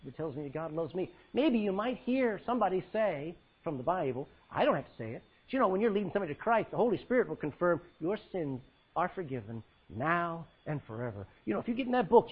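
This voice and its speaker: Male preacher, high voice, sermon, dramatic loud-soft swings, husky tone. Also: narrow, tinny audio. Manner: dramatic swings from loud to hushed, quotes scripture in old style. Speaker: pastor.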